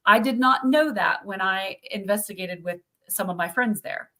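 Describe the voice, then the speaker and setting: Woman, casual live-stream guest, chatty, laughs a lot, mid-pitched. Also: moderate pace, bright, forceful tone. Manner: chatty, laughs often, acts out quoted voices. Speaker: owner of a haunted site, guest.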